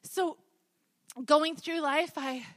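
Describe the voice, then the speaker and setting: A woman's voice: sits high, fairly even intonation, slow, a bit bright. A woman preacher giving a conversational sermon, telling stories with humor. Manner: chatty, storytelling with humor.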